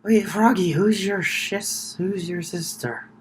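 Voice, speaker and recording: A man's voice: high-pitched, takes it slowly, husky, pitched above the performer's own voice, exaggerated voice. A man voicing a drunk, giggly woman companion with slurred speech, in a tabletop game. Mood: drunk prying.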